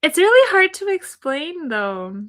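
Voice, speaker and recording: A woman's voice: very high voice, big pitch swings, unhurried, fairly bright tone. A young woman with a Toronto accent, chatting casually on a live stream, reading out her chat and rambling with lots of fillers and little giggles.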